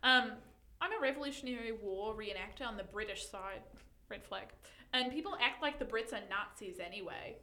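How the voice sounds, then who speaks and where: A young woman co-hosting a podcast in casual chat, animated and giggly, often reading posts aloud. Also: fairly high pitch, normal speed, echoey room. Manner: giggly, animated, breaks into loud laughter. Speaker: podcast co-host.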